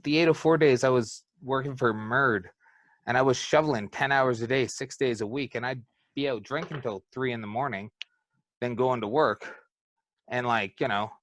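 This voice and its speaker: A man's voice: mid-range voice, moderate pace, fairly bright tone, dry recording. A man co-hosting a podcast who talks in an easygoing, matter-of-fact way in casual chat. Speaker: podcast co-host.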